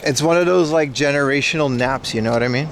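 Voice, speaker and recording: A man's voice: mid-range voice, fast talker, background noise. A sleep-deprived man hosting a casual livestream, joking sarcastically with chat while walking along a city street. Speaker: livestream host. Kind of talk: casual IRL stream chat, reading chat.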